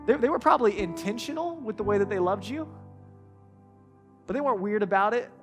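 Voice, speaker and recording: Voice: medium pitch, animated, brisk, soft background music. A pastor preaching a sermon in a conversational way, with restarts and asides, who repeats key words for emphasis.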